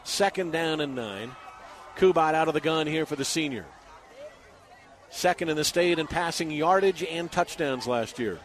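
Middle-aged guy calling football live on radio, kinda high voice, gets loud n excited on big plays. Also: moderate pace, slight background noise. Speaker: radio play-by-play announcer. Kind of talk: live sports play-by-play commentary. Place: packed outdoor stadium, among the stands.

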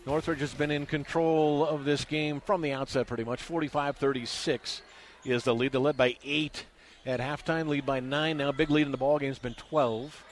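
A man doing fast radio play-by-play for a high school basketball game, getting loud and excited on big shots. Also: soft background music. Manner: rapid, excitable, rises loudly on big shots.

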